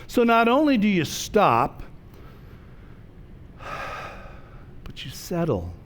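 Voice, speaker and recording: A middle-aged man preaching a sermon in a conversational, storytelling way, slowing down to stress key words. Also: high voice. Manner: conversational, storytelling preacher with slow emphatic phrases. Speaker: pastor.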